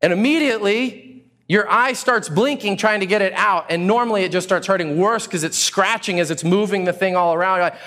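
A pastor preaching a sermon to a congregation, telling stories with acted-out exclamations. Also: male voice, high voice, fairly quick. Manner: animated storytelling with acted-out exclamations.

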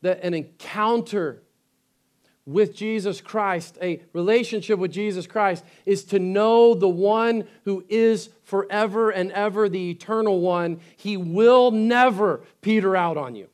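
A male pastor preaching a sermon with emphasis, swinging between loud declarations and quiet, earnest stretches. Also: high voice, a little slow. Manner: acts out scripture quotes.

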